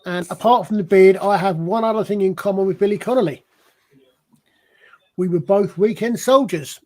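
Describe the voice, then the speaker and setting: A high-voiced Scottish man in casual panel chat. He rambles, stops, and restarts his sentences as he works toward his point. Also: moderate pace, dark tone. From Scotland. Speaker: panel member.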